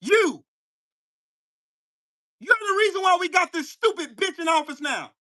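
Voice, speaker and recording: A man hosting his own channel, delivering a heated, profane political rant at a commenter, firing rhetorical questions and bursting into shouts. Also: very high-pitched, very animated, unhurried. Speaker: channel host. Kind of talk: angry political rant to camera.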